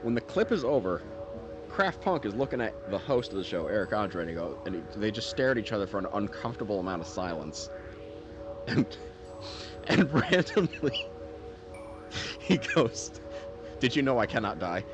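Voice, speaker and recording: A deep, low male voice that swings around a lot in pitch as he rambles. He is a gaming streamer chatting casually over his gameplay with loud game music playing behind him. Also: sing-song, moderate pace, pauses often. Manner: rambling, laughing storyteller.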